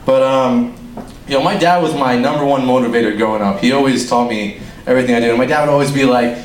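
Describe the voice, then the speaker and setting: A man's voice: mid-range voice, fast, a little hiss or hum. A young man doing an amateur stand-up set, rambling, swearing and laughing at his own jokes, in a small room with an audience. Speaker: stand-up comic. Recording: echoey room, faint ambience.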